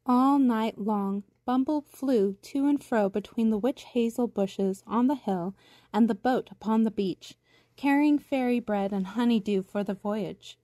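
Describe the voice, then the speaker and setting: A woman with a fairly high voice narrates a children's storybook in a gentle, measured way. Her reading is clear and unhurried, suited to young listeners. The recording is dry and close, with no room sound. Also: dry recording.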